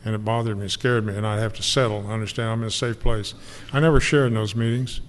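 A man's voice: lowish voice, steady tone, fast. An older man giving an earnest, emotional personal testimony about his recovery to an audience. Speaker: speaker sharing recovery story. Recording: long hall reverb, faint noise.

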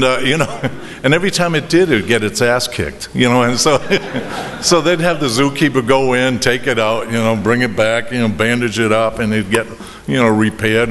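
A middle-aged man with a Boston accent tells a meandering personal story about his drinking at a recovery meeting, halting and restarting with chuckles. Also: medium pitch, fairly bright tone. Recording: reverberant hall with faint noise.

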